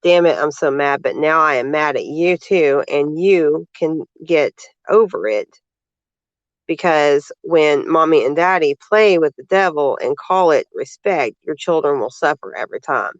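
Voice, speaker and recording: A man with a fairly high voice reads other people's posts aloud and cuts in with sarcastic, indignant remarks. The audio is dull and lo-fi, with a dry, close sound. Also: a little slow, no room sound. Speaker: vlogger. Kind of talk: reading out social media posts with commentary.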